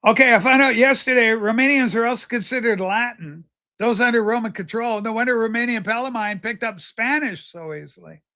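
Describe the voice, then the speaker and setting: A man's voice: very high voice, fairly quick, pushed and bright. A man hosting a casual livestream, rambling and joking as he answers viewers by name. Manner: rambling, jokey, talks to chatters by name. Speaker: livestream host. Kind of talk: casual livestream chat reading viewer comments.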